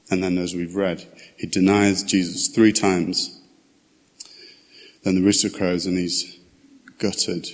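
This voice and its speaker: A man with a fairly low voice delivers a relaxed sermon, moving between a scripture reading and chatty explanation with casual asides. His voice trails off into a long hall reverb. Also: slow, pauses often. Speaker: preacher.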